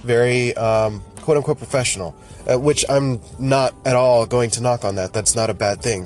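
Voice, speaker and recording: A man hosting a casual solo podcast, rambling and interrupting himself, laughing at his own jokes. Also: lowish voice. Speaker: podcast host. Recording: loud background noise.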